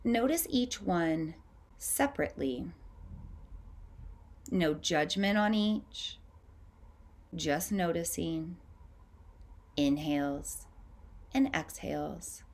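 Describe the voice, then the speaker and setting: A woman hosting a podcast, leading a guided breathing meditation in a slow, gentle, soothing way with long pauses. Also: on the low side, animated.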